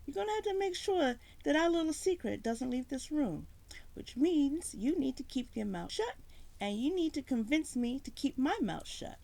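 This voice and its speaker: A woman's voice: high voice, very animated, normal speed, creaky, warm tone, voice pushed up, exaggerated voice. A woman voicing a big, threatening male mob enforcer with clipped tough-guy talk. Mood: menacing.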